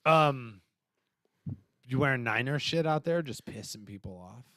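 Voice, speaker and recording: A man's voice: mid-range voice, lively intonation, measured pace, bright, forceful tone, dry recording, clean studio sound. A man co-hosting a podcast who jokes and teases in casual chat. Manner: joking, teasing, laughs often. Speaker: podcast co-host.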